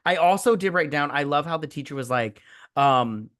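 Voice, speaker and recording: A man's voice: a little high, expressive, normal speed, a bit bright. A man co-hosting a casual movie review chat, rambling and enthusiastic, full of fillers and quoted lines. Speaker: podcast co-host.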